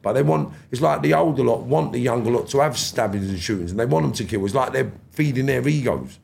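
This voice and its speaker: Gravelly middle-aged man telling tales. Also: mid-range voice, fast talker. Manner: animated, acts out dialogue with slangy swearing. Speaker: podcast guest. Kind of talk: casual storytelling interview.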